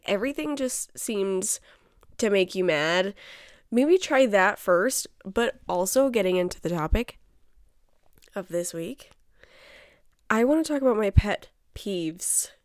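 A woman's voice: mid-range voice, animated, a little slow, smooth, dry recording, studio quality. A woman hosting her own show, talking casually in a chatty, exasperated way and often laughing. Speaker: podcast host. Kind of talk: casual solo chat.

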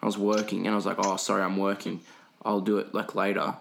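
A man's voice: on the low side, monotone, fast talker, creaky, a bit bright, a little hiss or hum. A young Australian man, a podcast co-host, telling a sweary story in casual chat and mimicking other people's voices.

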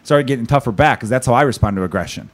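Fast-talking Chicago-accented man. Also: mid-range voice. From Chicago, USA. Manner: rapid, animated anecdotes with blunt swearing. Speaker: podcast host and comedian. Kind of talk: casual chat and storytelling.

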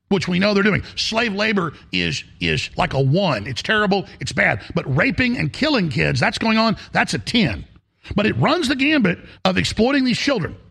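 Gravelly, high-pitched ranting male host. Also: a bit bright. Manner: emphatic, rambling, repeats phrases. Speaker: talk show host. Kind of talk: ranting monologue.

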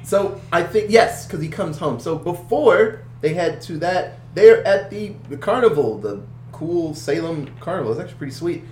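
Woman, lively pitch, casual movie recap, laughing, swearing, echoey room. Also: moderate pace, few pauses, faint music behind. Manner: laughing, recaps plot with profane asides. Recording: echoey room with faint hum.

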